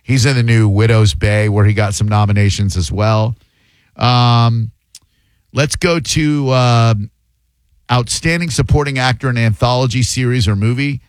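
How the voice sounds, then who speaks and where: Man, radio host, casual banter, sarcastic, teasing, mid-pitched, dry sound. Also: fairly even intonation, unhurried, clear, resonant tone, dry recording.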